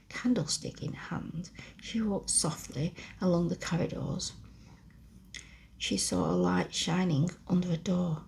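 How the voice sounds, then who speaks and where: A woman reads a bedtime story in a breathy, husky whisper as whispered role-play. Her voice sits low and carries a gravelly fry, and she unhurriedly lingers over every phrase close to the mic. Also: steady tone. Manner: slow soft whispered reading. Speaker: ASMR storyteller.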